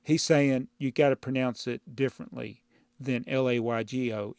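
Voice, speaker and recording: Speaking into a clip-on mic set in a brick-built housing in his home studio, this man hosts a channel and responds to viewer comments in casual chat. He rambles, sounds exasperated, and laughs often, his fairly high, warm voice carrying no room sound.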